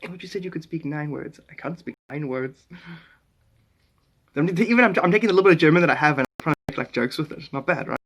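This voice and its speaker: A man's voice: a little high, animated, fast, a bit bright. A man chatting casually on a phone live stream, rambling, chuckling and answering viewers' comments, with playful attempts at German phrases.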